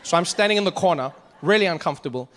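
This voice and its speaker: Casting note: male stand-up from South Africa, fairly high voice, loose animated storytelling on stage. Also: racing, in a large hall. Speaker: stand-up comedian. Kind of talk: stand-up comedy. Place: comedy stage before an audience.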